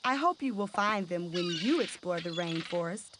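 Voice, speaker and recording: A woman voicing a calm, informative rainforest forager who guides the player through a computer game. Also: on the low side, background noise, natural voice. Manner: informative, measured.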